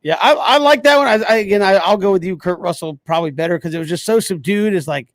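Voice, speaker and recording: A man hosting a sports podcast, moving segments along in a brisk, easygoing chat. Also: high-pitched, lively intonation, dry recording.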